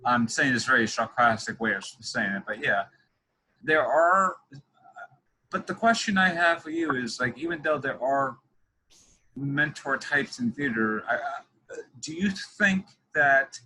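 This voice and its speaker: A man's voice: medium pitch, unhurried, pushed and bright, breathy edge, rough recording. A young man hosting a podcast interview, talking in a rambling, casual way with many restarts. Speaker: podcast host.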